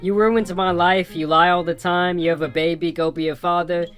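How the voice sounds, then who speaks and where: A man's voice: sits high, flat delivery, moderate pace, a bit bright, clean tone, faint music behind, voice pushed up. A man putting on the voice of an upset young woman arguing over text messages, in an accusing, wounded tone. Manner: hurt, accusing.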